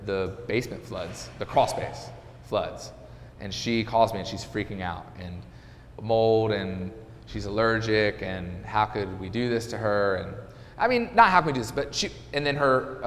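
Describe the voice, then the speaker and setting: A man in his thirties, a podcast guest and real estate agent, telling a candid personal story in a halting, conversational way. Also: medium pitch, a bit bright, long reverb tail. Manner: conversational, halting with restarts and fillers.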